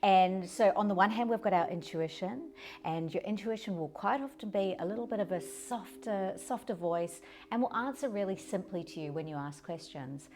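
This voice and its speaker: A woman blogger giving casual, encouraging mindset tips and guiding a gentle breathing exercise, speaking in a conversational tone. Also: mid-range voice, moderate pace. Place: home, at her yoga mat. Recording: music bed under the voice. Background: background music.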